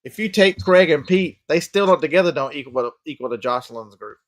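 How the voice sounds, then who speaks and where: A man's voice: a little high, animated, brisk, no echo, studio quality. A man with a Southern American accent, chatting casually and emphatically on a live stream, often repeating himself for emphasis.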